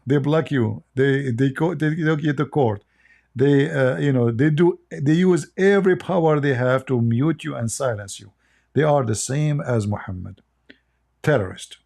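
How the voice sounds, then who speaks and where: Blunt gravelly man with an Arabic accent. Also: fairly high pitch, a little mellow. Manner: blunt, mocking, emphatic. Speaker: livestream host. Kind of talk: opinionated livestream commentary.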